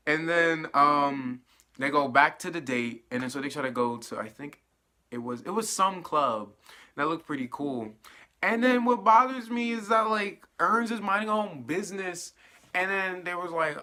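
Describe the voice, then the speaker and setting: A young man in his late teens giving a casual, animated, profanity-laced spoiler recap of a TV episode. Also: fairly high pitch, normal speed. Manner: animated, profane storytelling with fillers. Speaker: TV episode reviewer.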